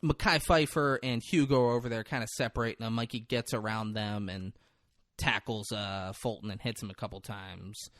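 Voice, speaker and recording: A man's voice: on the low side, fairly even intonation, a bit bright, no echo, studio quality. A man co-hosting a podcast, casually recapping a movie scene by scene and cursing freely as he acts out the characters' lines. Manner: profane, acts out characters' lines in quick bursts. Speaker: podcast co-host.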